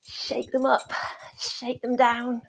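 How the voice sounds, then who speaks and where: Yoga teacher, british woman, slow and husky, gravelly edge, gentle breathy cues on a video call. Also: fairly high pitch, monotone. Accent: British English. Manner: soft-spoken breathy cueing, often whispered. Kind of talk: guided yoga class over video call.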